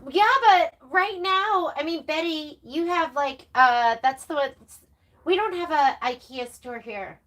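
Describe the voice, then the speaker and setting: Bright, chatty woman rambling. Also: sits high, unhurried. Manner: rambling, chatty, laughing asides. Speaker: sewing shop presenter. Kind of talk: casual livestream chat. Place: home sewing room.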